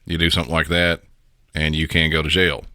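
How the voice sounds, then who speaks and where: A man's voice: extremely low pitch, little pitch movement, a little fast, pushed and bright, clear, resonant tone, no room sound, clean studio sound. A man hosting a podcast, giving blunt, opinionated commentary on recorded emergency calls. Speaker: podcast host.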